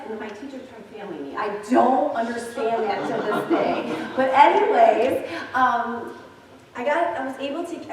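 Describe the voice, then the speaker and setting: A woman in her forties preaching a sermon, telling personal stories to her congregation in a candid, chatty way. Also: a little high. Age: 40s. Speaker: pastor. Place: church sanctuary. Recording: very echoey, distant from mic.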